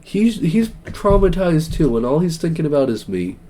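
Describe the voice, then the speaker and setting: A young man streams a dating game, reading its text and bursting into joking, excitable reactions. His voice sits fairly high with a mellow, warm tone, and faint noise hums behind him. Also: moderate pace.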